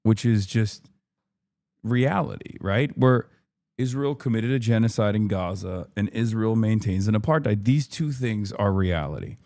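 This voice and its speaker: A man's voice: on the low side, measured pace, creaky, darkish tone. Frustrated man ranting on a stream. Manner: frustrated, profane, emphatic. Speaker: livestream host. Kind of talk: ranting political commentary.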